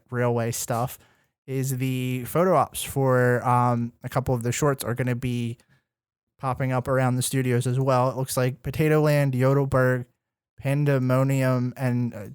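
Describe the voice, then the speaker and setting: Podcast guy reading out news bits, smooth clear voice, dry close sound, lots of ums. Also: mid-range voice, a little mellow, no echo. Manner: easygoing, filler-heavy news rundown. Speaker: podcast co-host. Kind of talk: casual chat.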